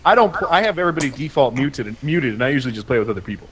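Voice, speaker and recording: A young man co-hosting a podcast, talking brashly and animatedly in casual chat, quick to swear. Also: medium pitch, very animated, a crowd in the background. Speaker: podcast co-host.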